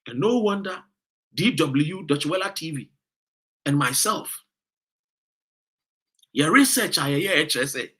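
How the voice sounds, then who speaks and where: A man's voice: on the high side, pushed and bright, slightly rough. A Ghanaian man giving impassioned political commentary. He lectures and scolds his audience with rhetorical questions and reads out viewer comments.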